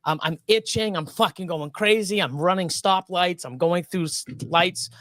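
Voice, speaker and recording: A man with a rather high voice tells a long story in loose, casual chat. He trips over his words, restarts often and swears freely. The sound is close and dry, with no room around it. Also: normal speed, fairly bright tone, no room sound. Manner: rambling and profane, with many restarts. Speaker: live stream co-host.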